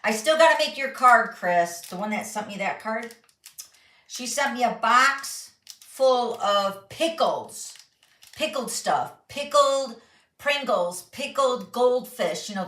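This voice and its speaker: A woman with a fairly high, bright, forceful voice hosts a live papercraft chat from her home craft studio. She's bubbly, casual and chatty, reading viewer comments aloud, and the room sounds echoey.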